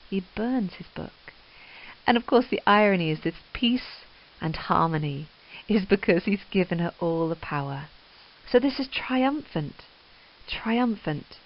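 A woman teaching English literature, reading Middle English verse aloud and explaining it with enthusiastic emphasis. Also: lowish voice. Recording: dull lo-fi recording.

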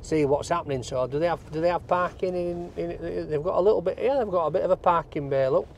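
A chatty, jokey Yorkshire man, a food vlog host, talks casually from inside a moving car. His voice sits a little high for a man. Faint traffic noise hums behind him. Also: quick pace. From Barnsley, England. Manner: chatty, jokey, banter with cameraman. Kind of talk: casual vlog chat while driving. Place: inside a car driving through town.

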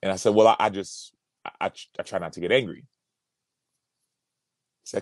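Deep-voiced man telling a personal story. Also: steady tone, moderate pace, dry recording. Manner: earnest, reflective, repeats words as he builds. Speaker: podcast guest, former pro football player.

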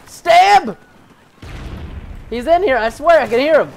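A young man calls out his own shooter match for his channel, jumpy and laughing, his voice sitting high. His pitch leaps all over the place as he reacts. A faint noise floor runs under the recording. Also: animated, quick pace. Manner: jumpy, laughing, mild cussing substitutes. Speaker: gaming channel host. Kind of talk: excited gameplay commentary.

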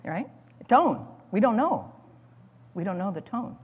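A woman preaches a sermon to a congregation, her voice sitting at an ordinary middle pitch. She tells the scripture with drama, slowing down and lifting her voice for key words. A long reverb rings around her in the large hall. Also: slightly rough. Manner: expressive, dramatizing scripture with acted quotes; speaks to an audience, calls for slides. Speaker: Bible teacher.

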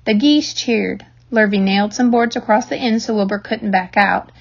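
A woman reading a children's book aloud, telling the story in a lively, expressive way. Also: mid-range voice, moderate pace, gravelly. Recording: dull lo-fi recording.

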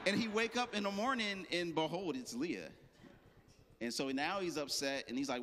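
A man's voice: on the high side, animated, unhurried, fairly bright tone. A man preaching a sermon as pastor, casual and joking with slang asides. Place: church. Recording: long hall reverb.

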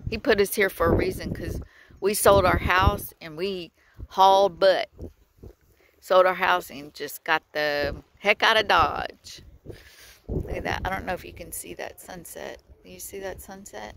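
A woman from Texas talking earnestly about her faith in a casual outdoor vlog, a little out of breath, with pauses and soft laughs. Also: lowish voice, creaky, background noise. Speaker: vlogger. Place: outdoors by the water at sunset.

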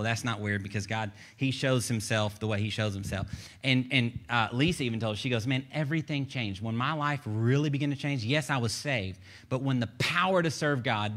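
A man's voice: mid-range voice, fairly bright tone. A man preaching a sermon as pastor, folksy and conversational, with rising bursts of emphasis. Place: church sanctuary.

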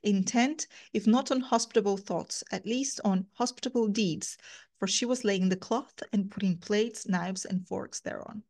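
A woman literature teacher reading a novel aloud in a live class and pausing for thoughtful, hesitant commentary. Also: mid-range voice, darkish tone.

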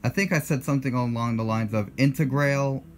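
A man's voice: medium pitch, brisk, faint music behind. Blunt American man, casual video talk. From United States. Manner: blunt and defensive, with self-correcting asides. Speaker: channel host.

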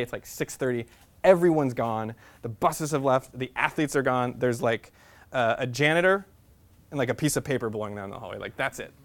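A man's voice: medium pitch, fairly bright tone. A man in his thirties giving a humorous, self-deprecating talk as a guest speaker in a university classroom. He is chatty and leans on "like" as a filler. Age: 30s. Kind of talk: humorous personal storytelling talk.

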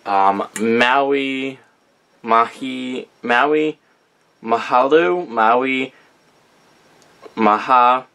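Extremely slow and pausing often, a young vlogger speaks in a smooth, mid-range voice with a sharp tone. Showing his candle collection in a casual chat, he rambles through a list of names with frequent self-corrections.

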